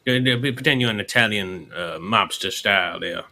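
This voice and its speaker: Western roleplayer, man, bright forceful voice, folksy and pushy. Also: on the low side, moderate pace. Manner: folksy, profane, persuasive. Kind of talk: in-character roleplay chat.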